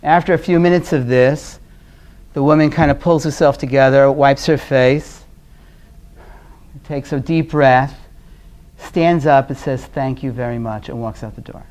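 Earnest man lecturing with gentle stories. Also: unhurried, long pauses. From Brooklyn, New York. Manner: earnest, often drops into a quiet, low storytelling voice. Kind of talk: conversational lecture with storytelling.

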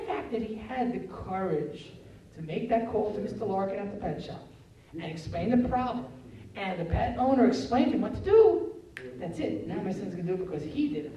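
A man giving a live talk on parenting, animated and acting out family scenes in quoted voices. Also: high voice, moderate pace, a little hiss or hum. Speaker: parenting lecturer. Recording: roomy echo, speaker far from the mic.

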